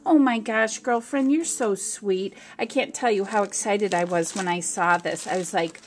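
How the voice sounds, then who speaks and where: A woman's voice: medium pitch, normal speed, a little hiss or hum. A woman craft vlogger unboxing a gift package, gushing and exclamatory, with frequent gasps.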